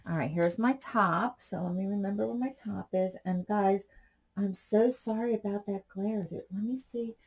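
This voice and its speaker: A woman's voice: medium pitch, normal speed, a little mellow, breathy edge. A woman hosting a casual crafting tutorial, talking in a chatty, rambling way with side stories while she works. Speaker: craft channel host.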